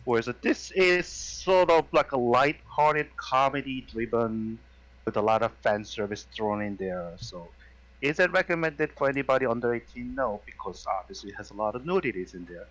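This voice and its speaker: A man co-hosting a casual anime review chat, wry and measured as he explains his views at length. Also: medium pitch, animated, a bit bright, rough recording. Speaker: podcast co-host.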